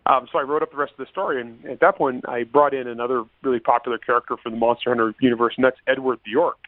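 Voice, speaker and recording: A man's voice: mid-range voice, steady tone, racing, no echo. A man talking as an author guest in a casual interview, chatty and laughing often, with many fillers and restarts. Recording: tinny phone-line sound, dry.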